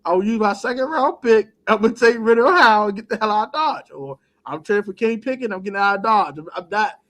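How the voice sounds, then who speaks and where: Animated high-voiced man ranting about football. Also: quick pace. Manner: animated, laughing, acts out quotes in a put-on voice. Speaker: podcast co-host. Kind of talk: casual sports chat.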